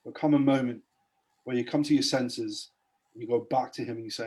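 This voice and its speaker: A man's voice: medium pitch, steady tone, fairly quick, a little mellow. A man giving a spoken testimony as a podcast guest, earnestly retelling a Bible story in a preacher-like way.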